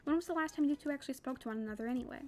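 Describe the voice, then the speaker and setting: A woman's voice: sits high, racing, darkish tone, close to an everyday voice. A woman reading the lines of a bossy, teasing young female friend in a novel.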